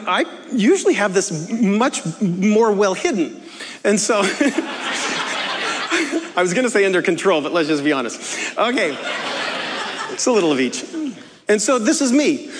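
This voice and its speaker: A high-pitched male pastor tells a funny, self-deprecating story from the pulpit, breaking into laughter often. His voice rings out through a reverberant church hall with faint room noise behind it. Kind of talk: humorous sermon storytelling. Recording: echoey hall with faint ambience.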